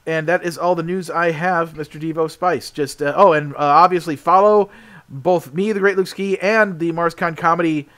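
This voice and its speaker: A man's voice: fairly high pitch, fairly even intonation, moderate pace, a bit bright. A man co-hosting a casual podcast, chatty and rambling, sleepy and yawning. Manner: rambling, chatty, filler-heavy. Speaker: podcast co-host.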